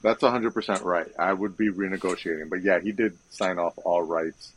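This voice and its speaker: A man's voice: sits low, fairly even intonation, brisk, slight background noise, poor audio. A man co-hosting a podcast, talking loosely with profanity and laughing asides. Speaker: podcast co-host. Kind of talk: casual chat.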